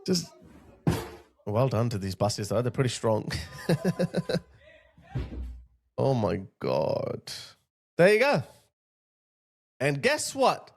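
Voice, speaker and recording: A man's voice: mid-range voice, big pitch swings, slow pace, pauses often, slight background noise. A man hosting a video, giving indignant reaction commentary on clips, with laughing asides. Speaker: YouTube commentator host.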